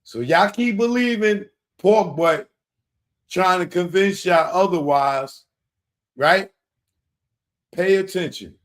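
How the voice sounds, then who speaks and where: A man's voice: high voice, slow pace, long pauses. A man hosting a live show, commenting on clips and putting rhetorical questions to his audience. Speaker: host.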